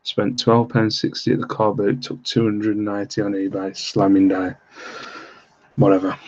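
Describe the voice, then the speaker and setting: A British man hosting a late-night live stream from home, talking quietly so he won't wake his kids, rambling casually with fillers and little laughs. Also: lowish voice, lo-fi sound. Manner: rambling, with many fillers and self-deprecating laughs. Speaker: live stream host reselling items online. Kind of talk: casual live-stream chat while reading viewer comments.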